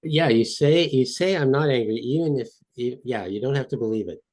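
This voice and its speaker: Animated and breathy-edged, a man with a mid-range voice and darkish tone talks at a normal speed. Interviewed on a podcast as a guest expert, he explains and demonstrates a technique, repeating phrases in an increasingly intense chant.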